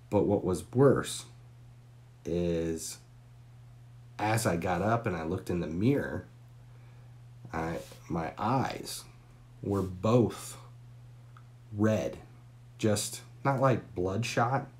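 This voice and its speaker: Deep-voiced man telling a candid story. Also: a little mellow. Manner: candid, profane, drawn-out story with pauses and fillers. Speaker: live stream host. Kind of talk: casual storytelling on a live stream.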